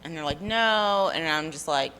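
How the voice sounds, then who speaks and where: A woman in her thirties with a New York accent, co-hosting a casual chat and telling blunt, animated stories. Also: on the low side, normal speed, slight background noise, poor audio. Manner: blunt, animated storyteller acting out quotes. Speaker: podcast co-host.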